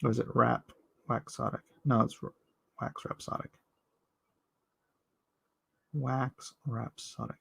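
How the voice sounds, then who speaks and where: A man's voice: medium pitch, little pitch movement, normal speed, vocal fry, fairly bright tone, breathy edge, no echo. A man chatting casually with his viewers while he inks a drawing live, rambling and joking as he answers the chat. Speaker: artist streaming live while inking.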